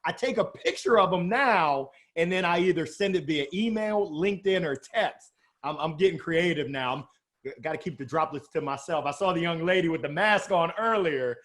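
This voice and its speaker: A man speaking as an interview guest about sales, lively and joking, with strong emphasis. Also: a little high, normal speed. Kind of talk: energetic motivational interview talk.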